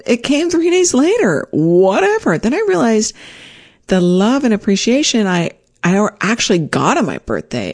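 Animated woman telling a personal story. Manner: animated, acts out her own quoted lines with big pitch jumps; self-deprecating, reflective.

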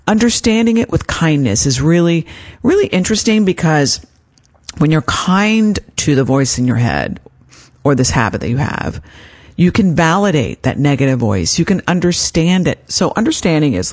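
A woman speaks on her self-help podcast in a gentle, encouraging way. Her pitch swings widely as she coaches the listener. She is calm and kind as she gives advice. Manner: gentle, encouraging, acts out her inner voice in quotes. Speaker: podcast host and life coach.

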